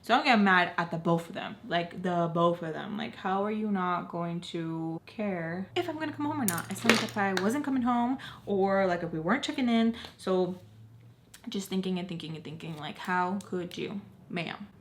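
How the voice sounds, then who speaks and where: A woman's voice: on the low side, moderate pace, a little hiss or hum. A young adult woman telling a personal story on her vlog, casual and profane, with constant filler words and emphatic asides. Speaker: storytime vlogger.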